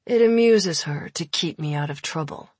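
A woman voicing a young male high king in an audiobook, drawling and amused. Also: expressive, moderate pace, darkish tone, slightly rough, dry recording. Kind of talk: audiobook character voice.

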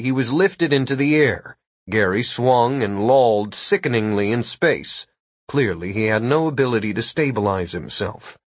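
Male storyteller reading comic fantasy; husky, dry, steady and wry. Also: mid-range voice, dry recording. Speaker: narrator. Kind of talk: audiobook narration.

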